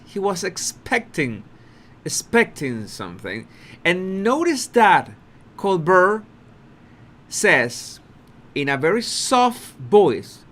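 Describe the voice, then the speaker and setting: A man hosts his commentary channel and picks apart a clip. His voice sits high and swings up and down a lot as he stresses words. He speaks slowly and often repeats himself. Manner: animated and emphatic, repeats words, laughs at his own points. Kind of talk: video commentary on a talk-show clip.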